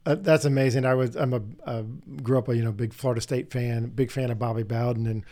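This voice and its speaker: A middle-aged man hosting an interview, telling long, animated anecdotes in a casual, rambling way. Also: mid-range voice, quick pace. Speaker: podcast host.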